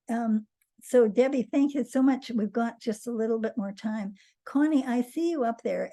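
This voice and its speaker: Older woman, workshop host, mellow tone, encouraging. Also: a little high. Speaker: host and teacher. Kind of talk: online workshop talk.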